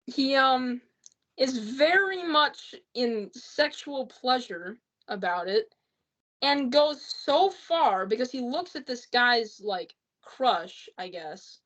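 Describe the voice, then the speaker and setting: A woman's voice: high voice, lively intonation, takes it slowly, a bit bright, low-quality recording. A woman giving a rambling, exasperated spoken movie review, full of fillers and restarts.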